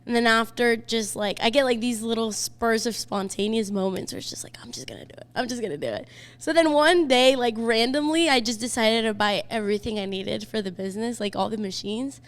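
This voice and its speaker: Chatty young woman, high voice. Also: fairly even intonation, clean tone. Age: 20s. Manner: chatty, quick storytelling with many fillers. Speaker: podcast guest. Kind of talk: casual chat.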